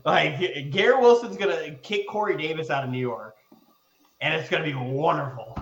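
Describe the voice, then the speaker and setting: A man co-hosting a podcast, telling sports stories in a casual, excitable way and swearing freely. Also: on the high side, normal speed, reverberant, rough recording. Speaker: podcast co-host.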